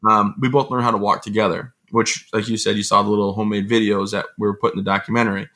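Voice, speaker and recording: A man telling stories as an interview guest, in an animated, rambling conversational way. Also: fairly low pitch. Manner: fast, animated storytelling with rambling asides. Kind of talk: conversational storytelling.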